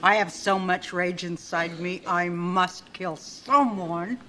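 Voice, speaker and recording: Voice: mid-range voice, sing-song, moderate pace, pushed and bright, slight background noise. A performer playing a female therapy patient with several personalities, switching between timid, sweet and murderous voices. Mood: menacing. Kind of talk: comedy sketch acting.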